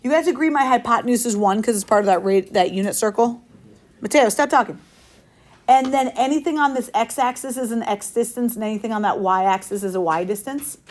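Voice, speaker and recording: A woman's voice: on the high side, a little fast. Upbeat woman teaching a math class. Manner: upbeat, playful, asks the class questions. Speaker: high school math teacher. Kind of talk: classroom lecture.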